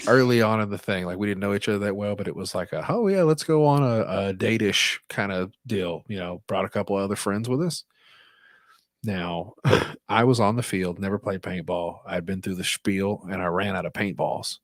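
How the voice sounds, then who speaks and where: A man co-hosting a podcast, telling a crude story in a loose, animated way and swearing a lot. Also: on the low side, normal speed, no echo. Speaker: podcast co-host. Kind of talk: casual storytelling chat.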